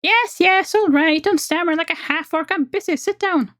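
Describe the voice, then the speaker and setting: A woman voicing an impatient, bitter elf sorceress in a game, with a squeaky, haughty, curt manner. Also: moderate pace, fairly bright tone, no echo, clean studio sound. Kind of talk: character voice in a narrated game.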